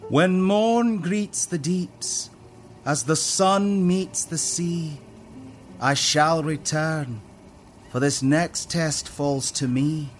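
An actor playing a pale young sailor who recites verse in a resonant, melodic voice with a youthful lilt. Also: male voice, on the high side, extremely slow, faint music behind. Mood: solemn. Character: pale, silent young male sailor, eerie and poetic. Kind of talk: recited verse in audio drama.

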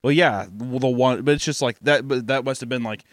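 A man's voice: medium pitch, brisk, dry recording, studio quality. A young man chatting casually on a podcast, rambling and joking, acting out quotes. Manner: jokey, rambling, acts out quotes. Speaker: podcast co-host. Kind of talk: casual chat.

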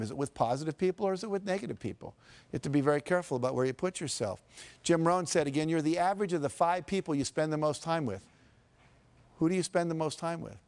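A man's voice: on the high side, darkish tone. A man from the United States speaks as a motivational speaker at a live seminar. He tells stories and acts out quotes. He also puts questions straight to the audience.

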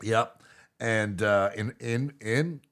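A man's voice: on the low side, slow pace, a bit bright. Hesitant man, full of "uh"s. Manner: hesitant, filler-laden delivery with stammers. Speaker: podcast co-host. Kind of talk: casual chat.

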